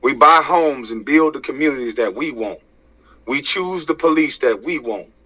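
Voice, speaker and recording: An American man, a social media commentator, rants heatedly and profanely to camera, preaching and firing off rhetorical questions. His husky voice sits at medium pitch, animated and sharp, at a normal speed. The recording has a dull, lo-fi sound.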